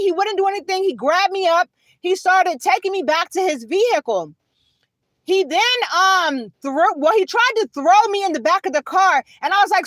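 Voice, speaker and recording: A woman's voice: very high voice, expressive, moderate pace, fairly bright tone, no echo, poor audio. A woman telling a rambling personal story, often asking "okay?" and "you know". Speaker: vlogger.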